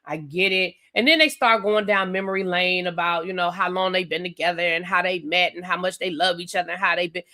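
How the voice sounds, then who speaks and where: A woman hosting a live TV review stream, recapping an episode in a chatty, animated way with lots of fillers and asides. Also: lowish voice, fast talker, few pauses. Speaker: TV review channel host.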